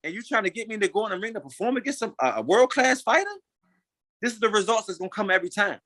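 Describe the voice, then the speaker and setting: Interview guest, male, 30s, high and bright, blunt candid storytelling. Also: expressive, fast, no room sound. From United States. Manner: emphatic, repeats phrases, swears when frustrated.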